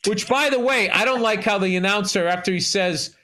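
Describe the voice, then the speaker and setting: A middle-aged man from Massachusetts, co-hosting a podcast and telling sports stories in a loose, profane, animated way. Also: high-pitched, fairly quick, few pauses. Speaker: podcast co-host. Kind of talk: casual chat.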